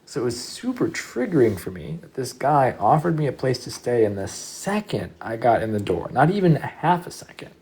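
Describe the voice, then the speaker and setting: A livestreamer telling a story casually to chat, animated and swearing often. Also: medium pitch, breathy edge.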